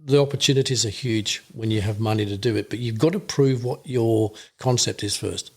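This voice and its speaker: A man's voice: lowish voice, brisk, slightly rough. Earnest Australian man, casual chat. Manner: earnest, rambling, laughs easily. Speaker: podcast guest, veterans hunting program founder.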